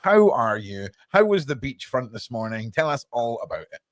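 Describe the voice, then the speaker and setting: A man's voice: mid-range voice, sing-song, moderate pace, no room sound. A man with a Scottish accent hosting a podcast interview in an easygoing, enthusiastic way. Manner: chatty, enthusiastic. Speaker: podcast host. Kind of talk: casual interview chat.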